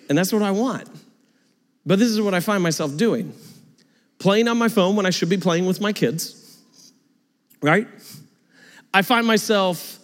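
A man's voice: a little high, big-room sound. A male pastor preaching in a conversational, self-deprecating way, acting out little dialogues. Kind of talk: sermon.

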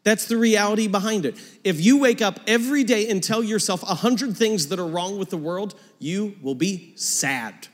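A man in his thirties preaching a sermon as pastor, conversational and joking, dropping into quiet asides between louder points. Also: high-pitched, a little fast, few pauses. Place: church auditorium. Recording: long hall reverb.

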